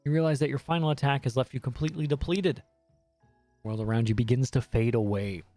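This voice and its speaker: A man's voice: medium pitch, a little fast, no echo, faint music behind. A man streaming a dating game, reading the text aloud with jokey, swearing commentary. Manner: animated, jokey, swears freely.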